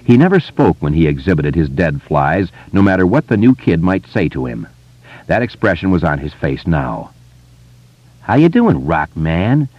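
A man narrating an audiobook in an expressive, dramatic manner. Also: deep voice, normal speed, dry recording. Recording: slightly muffled dry studio.

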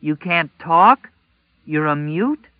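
A man voicing a brash, needy teenage girl in an audiobook, raising his voice into a drawling, breathy girlish tone. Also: fairly high pitch, sing-song, moderate pace, dry recording, highs cut off, pitched above the performer's own voice. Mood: startled.

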